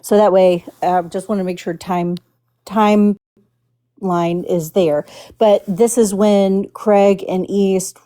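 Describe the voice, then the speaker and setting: A woman's voice: medium pitch, fairly even intonation, takes it slowly, warm tone. A woman from the Houston area hosting a casual livestream, choosing her words carefully with many restarts. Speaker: livestream host.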